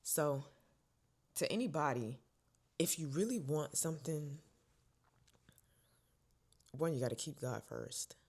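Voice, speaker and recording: A young woman vlogger telling a personal story in a casual, expressive way, dropping to hushed whispers and rising to loud bursts. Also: low-pitched, slow, pauses often, husky.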